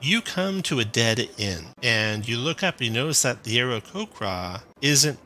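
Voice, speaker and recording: A man narrating a tabletop game as game master, in a relaxed, loose way with fillers. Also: medium pitch, normal speed, a little hiss or hum.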